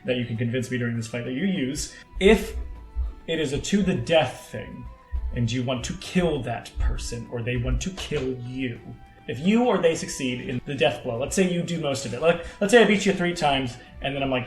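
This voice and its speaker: A man's voice: medium pitch, animated, moderate pace, faint music behind. A man running a tabletop fight as game master, explaining rules and narrating action in a loose, rambling way. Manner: loose, rambling, laughing asides. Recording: roomy echo.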